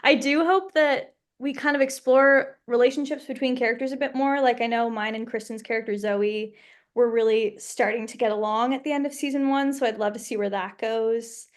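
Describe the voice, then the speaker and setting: A woman's voice: fairly high pitch, fairly even intonation, normal speed. A young woman, a guest actress, telling stories in a bubbly, laugh-filled way during a casual interview. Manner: bubbly, laughs often, storytelling.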